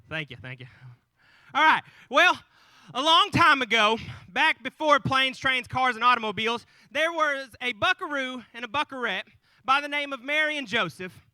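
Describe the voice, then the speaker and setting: A man's voice: very high voice, expressive, moderate pace, bright, forceful tone, clean tone, dry recording, poor audio. A man in his thirties telling a folksy, joking nativity story to a live audience, with asides to the crowd. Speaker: storyteller on stage. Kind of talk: comic live retelling of the nativity.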